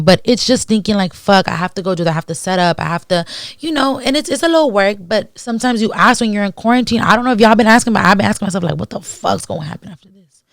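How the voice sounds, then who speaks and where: A young woman from Southern California hosting her own podcast in casual, blunt talk full of swearing and slang, with a Southern California accent. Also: lowish voice. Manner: blunt, profane and unfiltered. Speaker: podcast host. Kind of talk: casual solo podcast chat.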